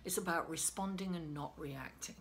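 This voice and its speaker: A woman with a raspy voice, hoarse from being ill, giving a chatty tarot reading and calling her listeners darling. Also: low voice, normal speed. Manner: chatty, calls listeners darling and guys, many fillers. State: hoarse from illness. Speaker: tarot reader. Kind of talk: casual tarot reading monologue.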